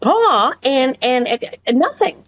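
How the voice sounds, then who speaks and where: A woman's voice: high-pitched, big pitch swings, takes it slowly, fairly bright tone. A woman co-hosting a podcast, rambling and giggling as she talks and tripping over her words. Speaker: podcast co-host. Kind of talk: casual podcast chat.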